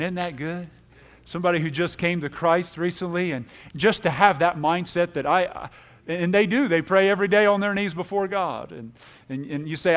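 A man preaching a folksy, animated sermon, often laughing and saying amen. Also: high-pitched. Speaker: pastor.

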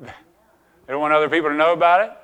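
Middle-aged male pastor, higher-pitched voice, casual conversational sermon delivery. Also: fairly even intonation, fairly quick, a bit bright, clean tone. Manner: conversational preaching, asks the congregation questions, frequent restarts and laughs.

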